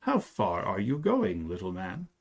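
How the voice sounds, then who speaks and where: A man reading aloud as a gruff soldier father who hides who he is and speaks in a constrained, clipped way. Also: high voice, big pitch swings, unhurried, voice pushed up, exaggerated voice. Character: gruff soldier father hiding his identity, middle-aged man.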